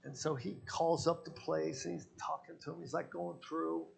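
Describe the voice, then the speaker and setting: A man's voice: a little high, fairly even intonation, moderate pace, gravelly. A man, a pastor, preaching a sermon and telling personal stories, acting out the dialogue in them. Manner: storytelling, acting out his own quoted dialogue.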